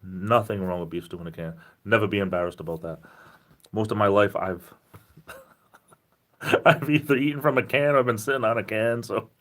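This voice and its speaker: Low-voiced rambling man. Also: moderate pace, pauses often, a bit bright. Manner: rambling, self-deprecating joker. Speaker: livestream host. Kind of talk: casual chat reading viewer comments.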